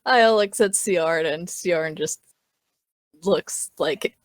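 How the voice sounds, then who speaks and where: A woman's voice: fairly low pitch, slow pace, no echo, clean studio sound. A woman player describing her character's actions in a tabletop game, laid-back and giggly.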